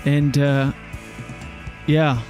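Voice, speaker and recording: A man's voice: mid-range voice, flat delivery, very slow, a little mellow, soft background music. A man hosting a live podcast from a windowless studio room, talking in a rambling, chatty way and often correcting himself. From Canada. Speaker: podcast host. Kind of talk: casual live podcast chat.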